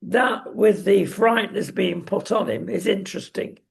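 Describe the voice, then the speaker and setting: Man, gravelly, husky, slow and sardonic commentary. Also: sits high. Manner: slow, emphatic, sardonic, with frequent ums. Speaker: political commentary show co-host. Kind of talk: opinionated casual commentary.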